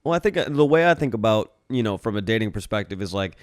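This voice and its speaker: A man's voice: lowish voice, expressive, quick pace, no room sound. Man, podcast co-host, casual chat, explanatory, rambling, dry close sound. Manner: rambling, explanatory, lots of "right?".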